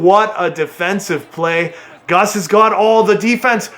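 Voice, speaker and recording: A man giving excitable play-by-play commentary on a hockey video game he is playing, cheering and groaning at his team. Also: high-pitched, normal speed. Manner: excitable play-by-play, yelling at the players. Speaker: gaming channel host.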